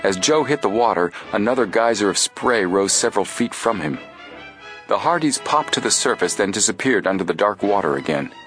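A man narrating an adventure audiobook in a steady, measured storytelling voice. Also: fairly low pitch, soft background music. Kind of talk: scripted narration.

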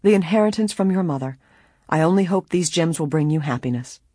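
A storybook reader voicing a gentle, fussy aunt over sixty who frets easily, speaking breathily. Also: mid-range voice, animated, fairly quick, husky, no room sound, studio quality. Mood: fretful.

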